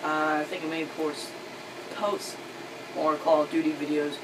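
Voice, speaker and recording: Low-voiced exasperated female gaming host. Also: monotone, measured pace. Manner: exasperated, mocking. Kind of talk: casual video intro and game chat. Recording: distant noisy home recording.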